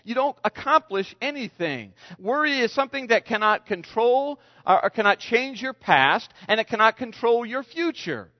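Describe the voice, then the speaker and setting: A man's voice: very high-pitched, expressive, moderate pace, few pauses. A man preaching a sermon, telling stories with restarts and acted-out quotes. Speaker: pastor. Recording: dull lo-fi sound with long reverb.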